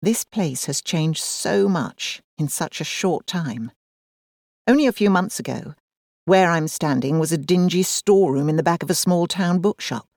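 A woman's voice: fairly low pitch, animated, moderate pace, darkish tone, dry recording. Woman in her forties, first-person audiobook narration, wry and self-deprecating, dry close sound. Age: 40s.

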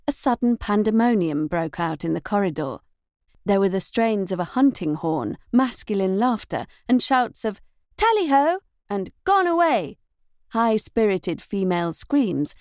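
A woman narrating a period romance novel as an audiobook reader, in measured storytelling. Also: mid-range voice, a little mellow, no room sound, clean studio sound. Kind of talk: scripted narration.

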